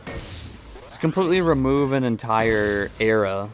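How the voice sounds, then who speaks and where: A man's voice: lowish voice, expressive, measured pace, over music. A man chatting casually while he plays a game, rambling and hesitant, often restarting his sentences. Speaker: gaming video creator. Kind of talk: casual chat while playing.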